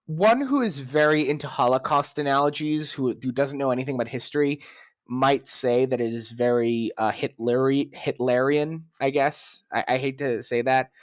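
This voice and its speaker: A male podcast host argues his views in loose, opinionated chat. His voice is medium in pitch and recorded close and dry, with no room echo. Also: moderate pace. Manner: opinionated, argumentative. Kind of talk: casual chat.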